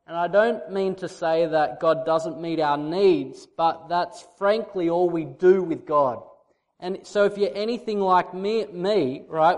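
High-voiced preacher, conversational. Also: male voice, a little mellow. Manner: conversational, teasing the congregation. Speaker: pastor. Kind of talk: sermon.

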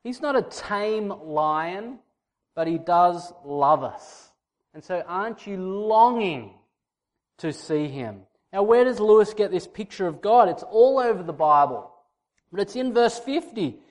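Male preacher, high-pitched, casual and direct with his congregation. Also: lively intonation, measured pace. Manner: conversational, teasing the congregation. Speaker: pastor. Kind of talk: sermon.

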